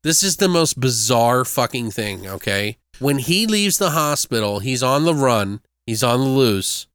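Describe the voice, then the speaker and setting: A man recapping a movie in casual chat, animated and profane, sometimes mocking characters with put-on voices. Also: mid-range voice, measured pace, clear, resonant tone, no echo, clean studio sound.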